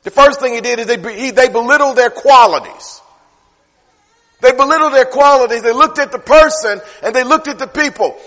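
Preaching man with a high voice in a reverberant church. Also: brisk, sharp tone. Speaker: pastor. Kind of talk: sermon.

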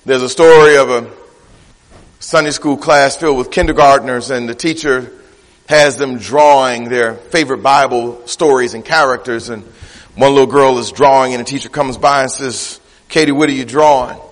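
A man preaching a sermon as pastor, emphatic and repetitive, rising to shouts. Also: medium pitch, fairly even intonation, normal speed, big-room sound. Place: church.

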